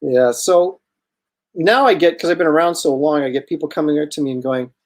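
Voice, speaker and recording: A man hosting a livestream, telling a casual anecdote in a lively way with halting restarts. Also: fairly high pitch. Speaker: host.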